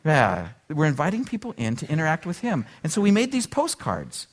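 A man's voice: a little high, a little fast, a little hiss or hum. A male pastor preaching a sermon to his congregation in a casual, conversational way, full of asides and rhetorical questions. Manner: conversational, animated, frequent "like" and "right?".

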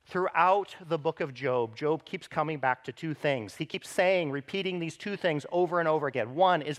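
This man speaks at a normal speed with few pauses, preaching emphatically as a pastor. When he voices scripture his pitch and volume climb, and he keeps addressing the congregation with a frequent "right?".

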